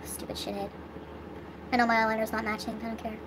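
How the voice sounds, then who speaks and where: A woman's voice: on the high side, completely flat delivery, racing, noisy background. A young woman vlogging, venting in an upset, swearing rant with sighs. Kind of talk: angry venting vlog.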